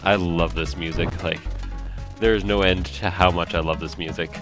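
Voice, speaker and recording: A man's voice: deep voice, steady tone, normal speed, music in the background. A man whose first language is French, rambling and joking at his own expense while commenting on a video game. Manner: rambling, joking, self-mocking. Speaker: let's play host.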